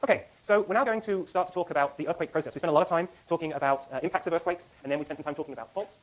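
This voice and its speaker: Guy lecturing a college class, talks super fast, lots of ums, slightly high voice, lecture hall. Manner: rapid, self-correcting, many fillers. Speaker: university lecturer.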